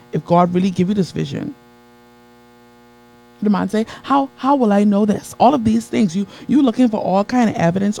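Before a live audience, a man with a gravelly voice preaches a motivational sermon, building through repetition and call-and-response. He swings from soft, low asides to high, excited peaks, and the recording is rough.

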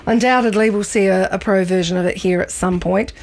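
A woman chatting on the radio about theatre, animated and quick to laugh, with many ums and restarts. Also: mid-range voice. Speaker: radio presenter and arts reviewer. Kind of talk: casual radio chat.

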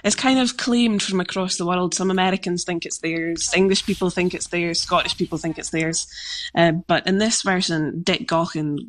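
Female folk singer guest, lowish, relaxed and explanatory. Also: moderate pace. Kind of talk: radio interview.

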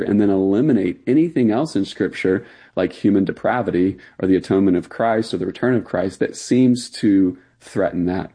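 A man's voice: low-pitched, mellow, husky. A man, a pastor, talking earnestly as a radio interview guest and explaining his views with fillers and emphasis.

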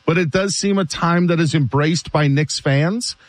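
A man hosting a sports radio show, telling stories in an animated, chatty way and laughing often. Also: a little high, normal speed, dry recording. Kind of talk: casual sports talk.

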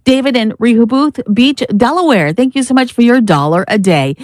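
A woman's voice: a little high, expressive, fairly quick, darkish tone, no echo, clean studio sound. A woman co-hosting a radio pledge drive, urging listeners to give and repeating the phone number. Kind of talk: pledge drive fundraising appeal.

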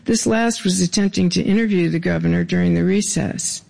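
A man with a fairly high, heavily gravelly voice reads his own stories to a live audience. He delivers them deadpan, tossing in dry, wry asides between passages. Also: fairly quick. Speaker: author reading his own writing.

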